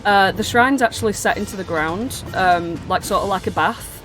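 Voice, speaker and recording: A woman's voice: mid-range voice, normal speed, fairly bright tone, faint music behind. A woman running a tabletop game as the dungeon master, chatty and loose, stopping to work out numbers aloud.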